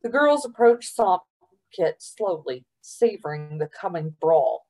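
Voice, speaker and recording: A woman storyteller reading a novel aloud for a library program, unhurried and expressive. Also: lowish voice.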